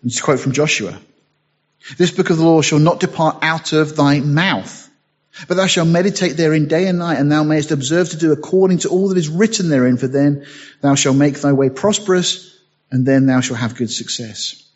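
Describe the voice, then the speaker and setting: Male preacher, husky and a touch high-pitched, reads scripture and builds to emphatic peaks; muffled lo-fi recording. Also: moderate pace. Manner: reads scripture aloud, rising to emphatic bursts. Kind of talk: sermon.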